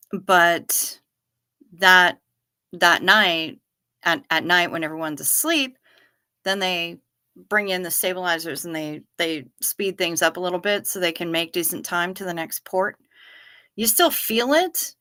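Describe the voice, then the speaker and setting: A woman's voice: fairly low pitch, measured pace, pauses often, sharp tone, clean tone. A woman hosting a livestream, chatting casually and answering viewer comments. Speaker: livestream host.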